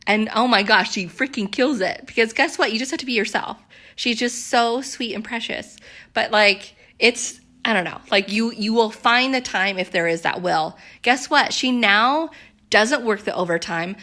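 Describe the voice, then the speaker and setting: A young woman talking casually to her viewers in an excitable, chatty way, full of "like" and "you guys". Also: mid-range voice. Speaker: network marketing vlogger. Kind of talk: casual direct-to-camera pitch.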